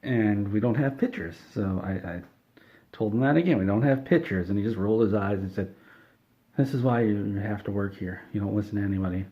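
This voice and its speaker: A man telling an absurd comedic story in a deadpan, matter-of-fact way, with a few hesitations. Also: on the low side, brisk. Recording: dull lo-fi recording.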